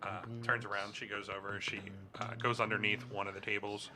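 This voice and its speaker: A man narrating a tabletop game as game master, in rambling, halting narration full of fillers. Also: on the low side, level tone.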